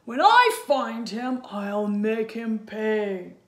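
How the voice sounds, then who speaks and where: A towering, bad-tempered giant, acted out by a woman reading aloud bellows his demands. His words are drawn out and loud, with a slightly raised pitch. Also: sing-song, very slow, full character voice. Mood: booming angry. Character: booming angry male giant, huge and greedy.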